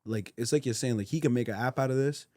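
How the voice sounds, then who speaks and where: A man's voice: mid-range voice, fast talker, a little mellow, no echo, clean studio sound. A man on a podcast, giving blunt, emphatic opinions in casual slang. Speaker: podcast co-host.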